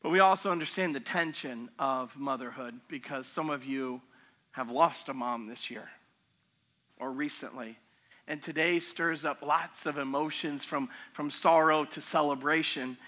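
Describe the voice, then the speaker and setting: Male pastor, middle-aged, high and bright voice, chatty sermon storyteller. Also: a little slow. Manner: conversational storytelling with acted asides.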